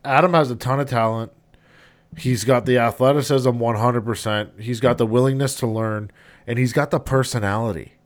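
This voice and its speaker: A man's voice: medium pitch, fairly even intonation, moderate pace. A man hosting a podcast in casual chat, easygoing and blunt, with occasional swearing. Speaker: podcast host.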